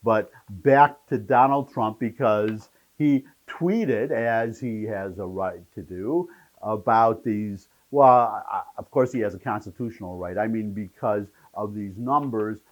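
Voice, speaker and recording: A man's voice: on the low side, a little slow, low-quality recording. Male political commentator, solo rant, opinionated, rambling, digressive.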